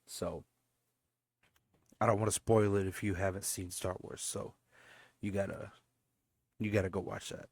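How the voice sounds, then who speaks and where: A man's voice: low-pitched, little pitch movement, a little slow, pauses often, slightly rough, dry recording. A laid-back man hosting a casual reaction video, often repeating himself and chuckling. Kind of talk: casual chat.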